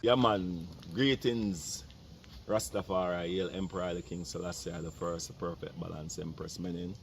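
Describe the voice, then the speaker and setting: Deep-voiced man giving a solemn greeting. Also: fairly even intonation, normal speed, a little hiss or hum. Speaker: community elder giving a shout-out. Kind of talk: chanted greeting.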